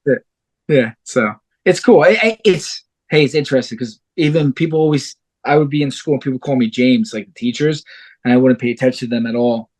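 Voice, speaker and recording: A man in his thirties, a fighter appearing as a podcast guest, talks with a mid-range voice at a fairly quick clip. He tells stories in casual chat, animated and swearing freely.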